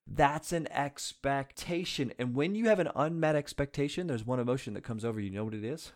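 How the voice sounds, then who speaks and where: A man talking straight to his audience with lively, upbeat energy, like a coach giving practical advice. His voice sits at an ordinary middle pitch, and he keeps things casual, often stopping to check in with listeners. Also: a little fast, hardly any pauses. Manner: energetic, conversational, often checks in with "okay?" and "you guys". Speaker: relationship advice speaker. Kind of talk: motivational talk to viewers.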